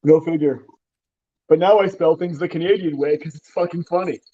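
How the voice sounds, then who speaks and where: Fairly high-voiced guy from around boston, blunt and sweary, muffled lo-fi mic. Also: steady tone, moderate pace, warm tone. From Boston area. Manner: blunt, swears casually, restarts often. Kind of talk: casual chat. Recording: dull lo-fi sound.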